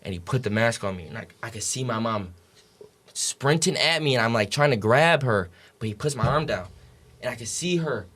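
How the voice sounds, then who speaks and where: A man's voice: medium pitch, animated, normal speed, fairly bright tone. A young man telling a story as a podcast guest, casual and profane, packed with "like" and "dude".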